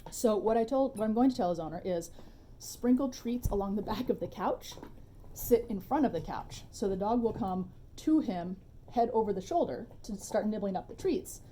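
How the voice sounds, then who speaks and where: A woman dog trainer giving a relaxed, chatty demonstration tutorial at home, with informal asides. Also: medium pitch, normal speed, a little hiss or hum.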